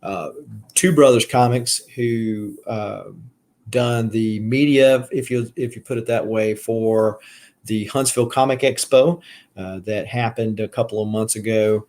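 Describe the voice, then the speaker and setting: A man's voice: fairly low pitch, steady tone, unhurried, darkish tone. Rambling Southern US man hosting a stream. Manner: rambling, many fillers and restarts; reads out and answers viewer comments. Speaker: collector channel host. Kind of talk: casual live-stream chat.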